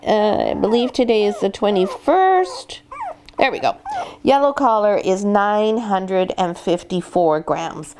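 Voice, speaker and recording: A woman dog breeder giving puppy-training advice and weighing puppies in a casual vlog, dropping into a soft coaxing voice with the pups. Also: medium pitch, animated, a little slow, a little hiss or hum. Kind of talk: instructional vlog, talking to puppies. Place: sitting in a whelping box with puppies.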